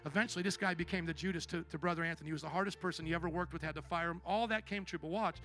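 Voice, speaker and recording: A male pastor preaching a sermon as a personal testimony, his storytelling swinging from hushed to loud. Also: on the high side, steady tone, racing.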